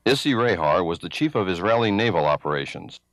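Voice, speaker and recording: A man giving grave, measured scripted narration for a documentary. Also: deep voice, animated, a bit bright. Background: music.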